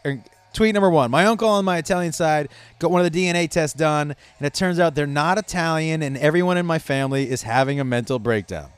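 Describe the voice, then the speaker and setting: A man hosting a comedy podcast, telling stories in a profane, animated way and laughing at his own jokes. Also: on the high side, fast, smooth, dry recording. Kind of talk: casual comedic monologue. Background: faint rock music playing.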